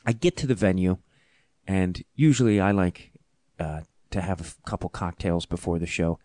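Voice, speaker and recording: A man hosting a podcast, telling a comic story in an animated, self-deprecating way, laughing often. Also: low voice, normal speed, dry recording. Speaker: podcast host and comedian.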